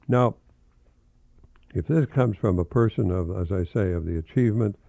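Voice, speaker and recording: Chuckling frequently, an elderly professor on a radio talk show fondly reads out children's jokes, wandering as he goes. His male voice is fairly low, gravelly and warm, with no echo.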